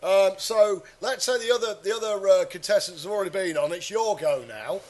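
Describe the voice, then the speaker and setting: A man's voice: high voice, a little fast, a little mellow. A man hosting a casual comedy podcast, rambling and crude, with lots of fillers.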